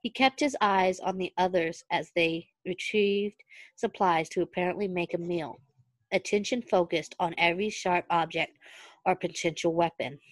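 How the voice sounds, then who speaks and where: A woman's voice: lowish voice, moderate pace, dry recording. A woman with a Southern US accent reading fan fiction aloud, giggling and stumbling over words, then going back to reread them.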